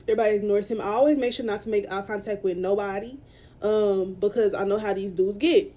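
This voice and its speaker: A young woman telling an emotional storytime vlog, upset and halting, with many fillers and restarts, recorded on a phone camera in a small room. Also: mid-range voice, fairly even intonation, dark tone. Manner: tearful at moments. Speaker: vlogger.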